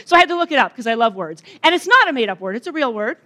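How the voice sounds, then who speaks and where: A middle-aged woman talks to a gathered audience in a loose, joking way, trading banter with them as she goes. Her voice sits high and sounds bright and forward. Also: sing-song, rapid-fire. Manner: chatty and joking, bantering with the crowd. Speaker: retreat speaker. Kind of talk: conversational opening talk to an audience.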